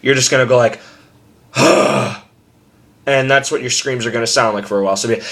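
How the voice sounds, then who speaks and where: Rapid-fire and fairly bright at a medium pitch, a young man's voice carries a casual at-home screaming lesson. He wanders from point to point, swears openly, and laughs at himself, and the audio suggests a simple camera mic.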